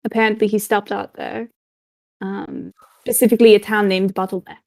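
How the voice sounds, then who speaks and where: A woman voicing a wry male pirate captain in a tabletop game, with a gravelly voice. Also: medium pitch, fairly even intonation, moderate pace, darkish tone, dry recording, lightly acted. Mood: casual. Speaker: game master.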